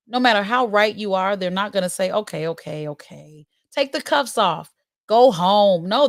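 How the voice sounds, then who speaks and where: A woman's voice: medium pitch, dry recording, studio quality. A woman in her forties hosting her live-stream talk show, telling stories candidly and acting out voices as she goes. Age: 40s. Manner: animated, candid storyteller who acts out voices.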